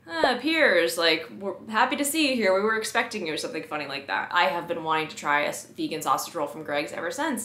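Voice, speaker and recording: A woman's voice: on the low side, sharp tone, reverberant. A woman in her thirties from the United States, narrating a casual travel vlog in a chatty, upbeat way that rambles with fillers. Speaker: travel vlogger.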